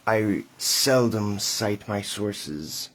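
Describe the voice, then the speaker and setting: A young adult man talking to camera in a rambling, mock-theatrical vlog monologue, halting with fillers and wry asides. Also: fairly low pitch, expressive, a bit bright. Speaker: vlogger.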